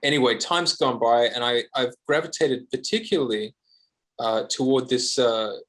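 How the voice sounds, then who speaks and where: A man's voice: mid-range voice, moderate pace, fairly bright tone. A man with an Australian accent, a guest guitarist on a podcast, talking casually and self-deprecatingly with lots of fillers and restarts.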